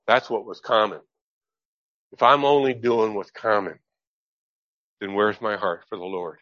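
A man's voice: a bit bright, no room sound. Fervent male preacher, dry dull sound. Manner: reads scripture slowly, then speeds up and rises in pitch with fervor. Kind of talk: sermon, Bible teaching.

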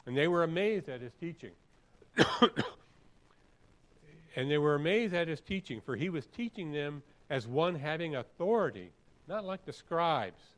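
A man preaching a sermon, reading scripture aloud and then explaining it conversationally, often clearing his throat and repeating phrases for emphasis. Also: a little high, animated, unhurried, rough recording. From San Francisco area. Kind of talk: expository sermon.

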